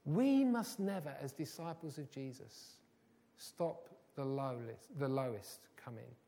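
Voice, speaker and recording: A man's voice: medium pitch, animated, measured pace, warm tone. A man preaching a sermon, earnest and building to emphatic, repeated phrases. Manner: earnest, rising to emphatic repetition.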